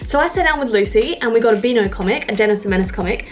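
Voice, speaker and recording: A woman's voice: on the high side, expressive, racing, faint music behind. A young woman talking frankly to camera at home, rambling and self-mocking as she gives tips. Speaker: vlogger and childminder. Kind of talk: candid talk to camera. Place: home, moving between rooms.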